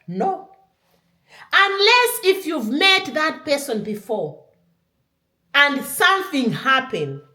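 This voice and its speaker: Woman commentator, earnest and questioning, high-ish bright voice. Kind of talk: motivational commentary.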